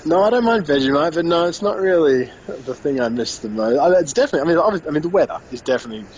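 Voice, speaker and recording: A man's voice: a little high, expressive, rapid-fire, darkish tone, a little hiss or hum, poor audio. An Australian man answering interview questions in a casual, hesitant way, with many restarts and fillers. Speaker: band member interviewed.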